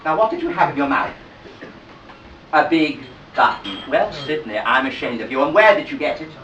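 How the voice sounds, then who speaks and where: A man's voice: fairly high pitch, big pitch swings, moderate pace, fairly bright tone, highs cut off, a little hiss or hum. A man playing a genteel, middle-aged English nursery teacher woman, coaxing and scolding small children in a prim, sing-song way, live on a pub stage. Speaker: cabaret performer. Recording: roomy live sound from a distance with piano.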